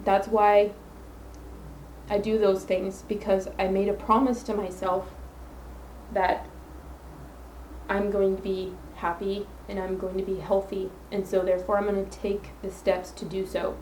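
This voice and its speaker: A woman's voice: medium pitch, flat delivery, measured pace, darkish tone. Brief: woman solo podcast host, sincere and rambling, phone mic in an echoey room with faint hum. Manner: earnest, rambling with self-affirmations.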